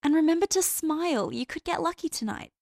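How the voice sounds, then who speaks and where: A woman's voice: very high-pitched, expressive, fairly quick, creaky, a little mellow, no echo, studio quality, voice pushed up, full character voice. A woman doing a bubbly, teasing college girl. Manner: bubbly, playful, sing-song.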